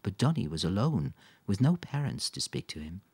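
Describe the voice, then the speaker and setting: A man's voice: low-pitched, very animated, moderate pace, darkish tone, husky, voice pushed up, heavily acted. A man reading aloud, voicing a kind middle-aged mother who explains things patiently. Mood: explaining. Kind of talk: audiobook character voice.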